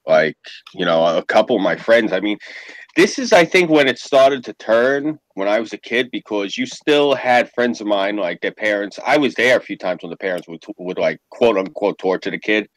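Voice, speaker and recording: A man telling a story on a casual podcast, animated and profane. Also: lowish voice, moderate pace, dry recording, poor audio. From New York. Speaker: podcast co-host.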